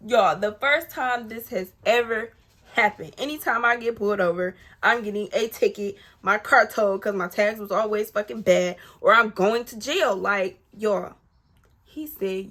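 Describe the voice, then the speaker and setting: A woman's voice: medium pitch, unhurried. A woman telling a personal story to her viewers, blunt and profane, acting out what others said. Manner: animated, blunt and profane, addressing viewers directly; acts out other people's lines mid-story. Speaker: storytime vlogger. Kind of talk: casual storytelling to camera.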